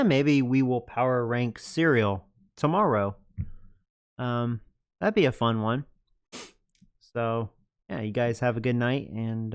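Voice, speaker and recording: A man's voice: mid-range voice, clean tone. A man chatting casually on a livestream, often breaking into laughter as he talks. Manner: giggly, laughs through his words. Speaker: live streamer.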